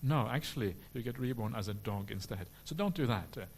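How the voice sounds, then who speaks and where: A man, a Buddhist monk, answering questions at a retreat in a relaxed, humorous way with many "uh" fillers. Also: mid-range voice, a little fast, creaky, slightly rough. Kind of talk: dharma talk question and answer.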